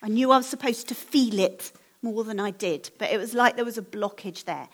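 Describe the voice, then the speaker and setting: A woman preaching a sermon in a church, speaking in a gentle, earnest and encouraging way. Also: on the high side, fairly quick, hardly any pauses. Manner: gentle, earnest, encouraging appeal with soft laughs.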